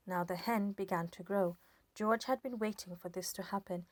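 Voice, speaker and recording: A woman reading a children's story aloud with lively, expressive storytelling. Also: medium pitch, normal speed, no room sound. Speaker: storybook reader.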